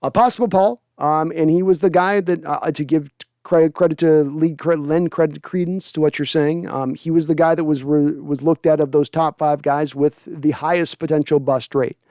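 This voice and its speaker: A man hosting a relaxed sports show, chatting his way through viewer comments and rambling with plenty of fillers. His voice sits a little high, smooth and clear, in a dry, close sound. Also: moderate pace, no room sound. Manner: rambling, lots of fillers, laughs at himself. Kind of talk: casual livestream chat, reading viewer comments.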